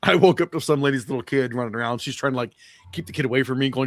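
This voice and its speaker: A fast-talking man with a mid-range voice and no echo tells a crude, meandering story about his travels. As a podcast guest or co-host, he impersonates the folks he met, quoting what they said.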